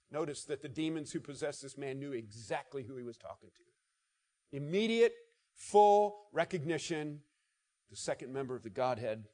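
A male preacher delivers a sermon with a slightly raised pitch. He reads scripture with building intensity, slowing on the vivid words, then drops into relaxed, chatty asides to his listeners. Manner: conversational asides to the congregation.

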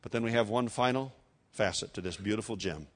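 An older man from Iowa preaching a sermon, with emphatic rhetorical questions and slow, solemn reading of hymn lines. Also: on the low side. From Iowa, United States.

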